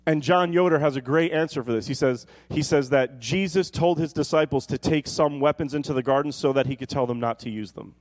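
Guy preaching a sermon, jokey and animated, yelps way up high sometimes, voice on the high side. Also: brisk, few pauses. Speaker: pastor.

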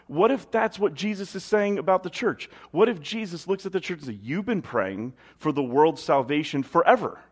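A man's voice: fairly high pitch, breathy edge. A man preaching a sermon, reading scripture aloud and asking rhetorical questions in a conversational way.

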